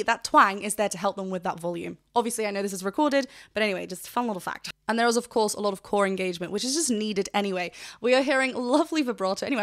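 A woman vocal coach giving a casual reaction commentary, chatty and rambling, correcting herself mid-sentence and laughing often. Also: medium pitch.

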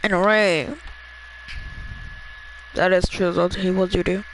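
A chatty, excitable gamer talking through a match with a friend, laughing often and firing off quick directions. The voice has a bright, sharp edge to it. Mid-range pitch, with a faint hiss of noise underneath. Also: poor audio. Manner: coaches teammate with quick instructions. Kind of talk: casual gameplay chat.

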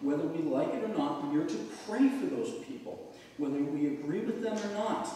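A man's voice: fairly high pitch, lively intonation, normal speed, mellow, far from the mic, slight background noise. Man preaching in an echoey church hall. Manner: reads scripture aloud, then explains it in loose conversational asides. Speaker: pastor. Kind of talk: sermon. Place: church sanctuary.

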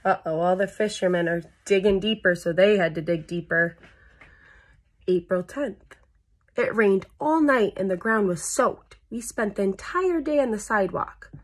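A woman's voice: mid-range voice, animated, moderate pace, husky. A woman reading a children's picture book aloud at storytime, adding playful sound effects and chatting to young listeners between pages.

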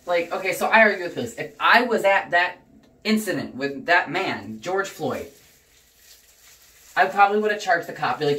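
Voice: medium pitch, moderate pace, recorded from a distance. A young adult vlogger rants with heavy profanity and heated energy, sitting back from the microphone. The room lends a noticeable echo to the voice. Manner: profane, heated and animated ranting. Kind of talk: casual rant while dyeing hair. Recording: roomy echo, voice away from the mic.

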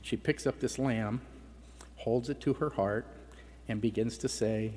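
Speaking at a conference, this middle-aged man relates a family story as personal testimony, chatting casually and voicing the family members' lines. His mid-range voice is slightly mellow, with fairly even intonation and a measured pace, and the hall echoes over faint background noise.

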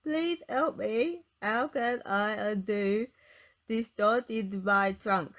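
A woman voicing a male elephant who talks in a slow, funny way in a storybook reading. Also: mid-range voice, a bit bright. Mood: pleading.

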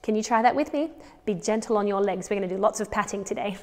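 A woman's voice: mid-range voice, quick pace, a little mellow, long reverb tail. A woman with an Australian accent teaching a children's music lesson, counting patterns aloud and encouraging the class.

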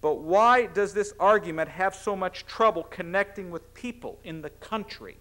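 A man's voice: high voice, a bit bright. Earnest middle-aged man giving a policy speech. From United States. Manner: earnest, measured, some restarts. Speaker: cabinet secretary giving a speech. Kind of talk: formal public speech.

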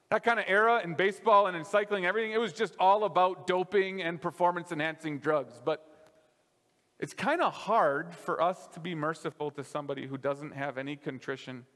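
Brief: male pastor, fairly high voice, easygoing sermon delivery, long church-hall reverb. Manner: conversational preaching, drops softer on key lines. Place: church sanctuary.

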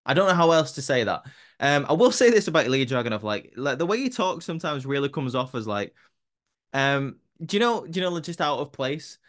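A man's voice: on the high side, very animated, a little fast, fairly bright tone. A man casually recapping a wrestling show, rambling with many fillers and restarts. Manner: rambling, many ums and restarts, laughs at own jokes.

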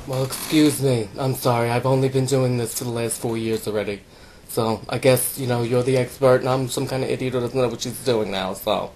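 A man's voice: mid-range voice, fairly even intonation, fairly quick, darkish tone, slight background noise, lightly acted. A man playing a touchy, defensive woman vlogger. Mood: sarcastic. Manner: defensive, exasperated.

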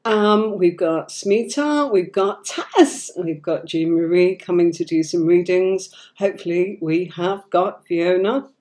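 A woman with a cold and a hoarse voice, hosting a live tarot stream and chatting affectionately while she sorts out the software. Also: on the low side, measured pace, few pauses.

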